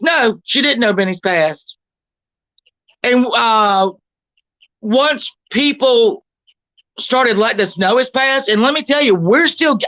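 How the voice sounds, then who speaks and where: On her livestream, a host with a fairly bright, higher-pitched voice rants confrontationally, swearing, ridiculing critics and reading out chat messages so she can hit back at them. The sound is lo-fi with no echo.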